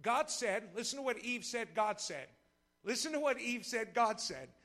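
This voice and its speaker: Man, preacher, sermon, fiery then hushed, tense bright tone. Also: animated, normal speed. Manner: impassioned, rising to shouts, then dropping low; rhetorical and playful with the congregation. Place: church service before a congregation.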